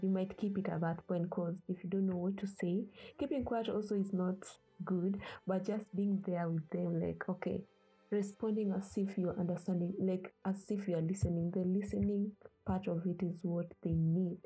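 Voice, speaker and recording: A woman's voice: fairly low pitch, fairly even intonation, moderate pace, mellow, slightly rough, soft background music, rough recording. A young woman from Africa speaking earnestly and passionately about her views, pleading with parents. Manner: impassioned, pleading. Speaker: speaker sharing personal views. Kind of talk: earnest personal talk.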